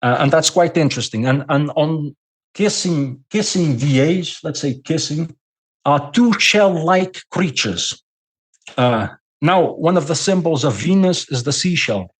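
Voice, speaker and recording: A man's voice: on the high side, animated, measured pace, slightly rough. A man from Portugal with a Portuguese accent, a non-native English speaker, explaining at length as a podcast guest and often repeating words as he thinks. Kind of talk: podcast conversation.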